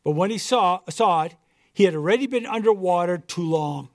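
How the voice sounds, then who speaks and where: A man's voice: high voice, normal speed, dry recording, clean studio sound. A man voicing a proud, devout old pearl diver in an earnest, formal storybook reading. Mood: mournful.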